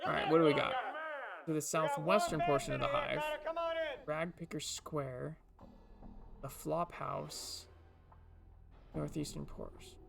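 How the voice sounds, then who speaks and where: Man, let's play host, casual commentary, gravelly voice, game music under. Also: fairly high pitch, fairly even intonation, unhurried, long pauses. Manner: chatty, reads game text aloud.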